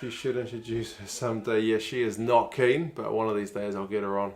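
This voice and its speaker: A man's voice: on the low side, fairly even intonation, fairly quick. A man, chatting casually on a live stream while watching rugby and reading out viewer comments.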